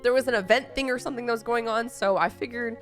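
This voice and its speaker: A young woman streamer with a slightly high voice, fighting off a cold as she chats. She rambles through a long story, breaking off into exasperated asides. Soft music plays behind her. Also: quick pace. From Texas. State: sick with a cold. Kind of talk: casual livestream chat.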